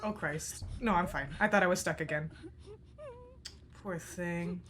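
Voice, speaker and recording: A woman's voice: on the low side, a little fast, fairly bright tone. A woman streaming a game, talking casually in a chatty, rambling, candid way, with an occasional swear. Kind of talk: casual let's-play commentary.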